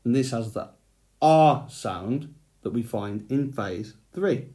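A man's voice: mid-range voice, animated, takes it slowly, dark tone. A man teaching a phonics lesson to young children, speaking patiently and sounding out letters one by one.

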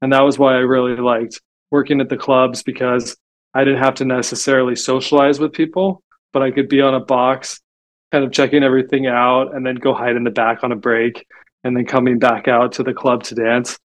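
A man's voice: mid-range voice, flat delivery, fairly quick. A man as a podcast guest, telling stories in a casual, chatty way and filling gaps with "like". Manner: chatty storytelling, frequent "like" fillers. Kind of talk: casual interview talk.

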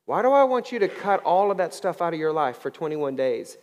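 A male pastor delivering a sermon, drawing out scripture readings slowly and pressing his points to the congregation. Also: long reverb tail. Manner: preaching with lively swings in pitch, slowing down on scripture readings.

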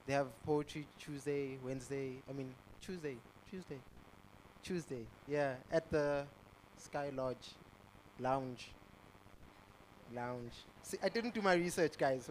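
Slow, rambling MC. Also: male voice, on the high side, slight background noise. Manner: rambling, self-correcting, hesitant. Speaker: event MC. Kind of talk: casual stage announcing. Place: live venue with audience.

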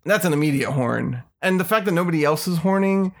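A man, co-hosting a casual chat and telling stories in a profane, animated way. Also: a little high, a little fast. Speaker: podcast co-host.

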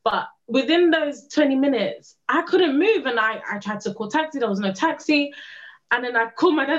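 A young woman from England telling a dramatic story with a laugh, animated and self-mocking, in a casual talk. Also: high voice, moderate pace. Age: young adult. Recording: slightly dull lo-fi sound.

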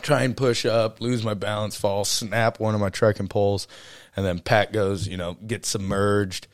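Telling a lengthy tale on his podcast, a young male co-host rambles casually with plenty of "uh" and "you know." His fairly low voice is level in tone and normal in pace, captured cleanly in a studio without echo.

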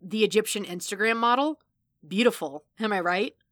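A woman doing a loud wisecracking mercenary guy. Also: medium pitch, expressive, a little slow, no echo, voice pushed up. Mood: brash teasing. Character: brash joking male mercenary on phone.

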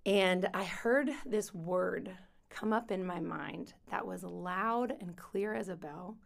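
A woman guest, a teen minister, telling a personal faith story on a podcast in a soft, reflective way with pauses. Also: lowish voice, vocal fry.

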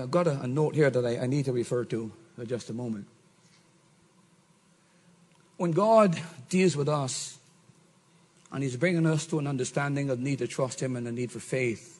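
A middle-aged man preaching a sermon, swinging from shouts to low murmurs. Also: moderate pace. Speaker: pastor.

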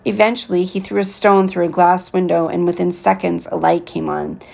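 A woman reading a novel aloud, with steady, expressive storytelling. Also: lowish voice, normal speed, gravelly. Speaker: reader.

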